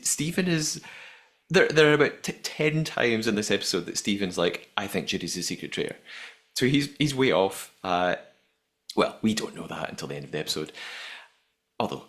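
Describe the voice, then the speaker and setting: A man hosting a podcast, giving an animated, jokey episode recap from his notes. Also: lowish voice, moderate pace. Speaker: podcast host.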